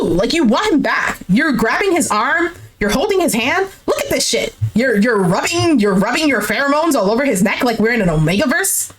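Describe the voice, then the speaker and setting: A young woman doing a recap of a dating show, reacting with exasperation and swearing, and acting out the cast's lines in a lower voice. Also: big pitch swings, normal speed, hardly any pauses, a little hiss or hum. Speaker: recap streamer. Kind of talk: animated reaction commentary.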